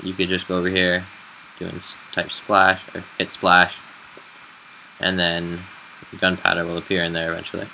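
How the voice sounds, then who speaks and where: Low, flat-voiced man explaining a game build. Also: gravelly, a little hiss or hum, poor audio. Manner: relaxed, halting explanation with fillers. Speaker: game server admin. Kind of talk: casual game tutorial narration.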